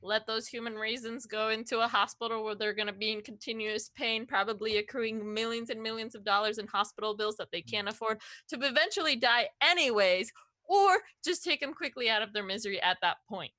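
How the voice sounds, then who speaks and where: A woman's voice: a little high, a little fast, bright, forceful tone, no room sound. A woman playing her character in a tabletop role-play, sassy with laughing banter. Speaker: player.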